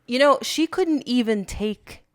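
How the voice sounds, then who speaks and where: A woman's voice: on the high side, unhurried, clear, resonant tone. A woman co-hosting a podcast, chatting casually and emphatically. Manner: emphatic, agreeing. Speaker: podcast co-host. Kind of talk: casual opinion chat.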